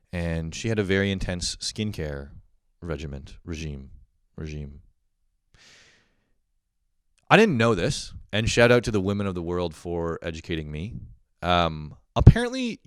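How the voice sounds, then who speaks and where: Young male podcast host, low and smooth, dry close sound, profane self-mocking rants. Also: dry recording. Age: young adult. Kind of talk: casual comedic monologue.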